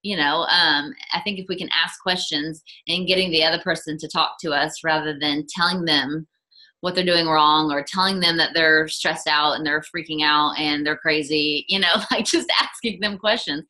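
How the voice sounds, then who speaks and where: A woman's voice: low voice, fairly even intonation, fairly quick, pushed and bright, poor audio. A woman talking casually with her husband, giving advice in a chatty way with many fillers and acting out sample questions in a lifted voice. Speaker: business leader co-hosting with her husband.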